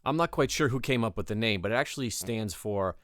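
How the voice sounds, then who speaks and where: A man's voice: fairly low pitch, lively intonation, fast talker, fairly bright tone, dry recording, clean studio sound. A man co-hosting a radio-style podcast, talking in a playful, chatty way with plenty of fillers. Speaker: podcast co-host. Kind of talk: casual chat.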